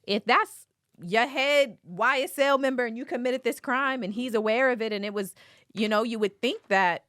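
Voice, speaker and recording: A woman's voice: fairly high pitch, normal speed, a bit bright, dry recording, clean studio sound. A woman hosting a podcast, giving casual commentary on a court case in a conversational way, thinking aloud with fillers. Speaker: podcast host.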